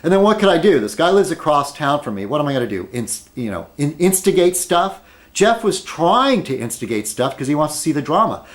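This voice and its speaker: At his desk, a video blogger rambles through an opinion piece, arguing with lots of rhetorical questions and fillers. His fairly high-pitched voice is very animated, and he talks a little fast.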